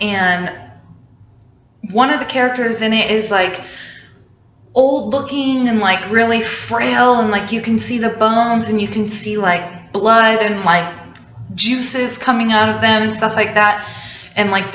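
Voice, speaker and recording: A woman's voice: mid-range voice, fairly bright tone, slight background noise. Young woman chatting in an echoey room. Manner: chatty, many "like" fillers. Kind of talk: casual storytelling. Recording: roomy, slightly dull recording.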